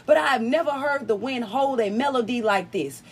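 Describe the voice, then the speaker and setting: A woman with a fairly high, slightly breathy voice hosts a podcast at a moderate pace, her speech carrying a slight Southern country twang though she's from upstate New York. The spiritual chat is casual, but she turns preachy at times, repeats phrases for emphasis, and swears freely.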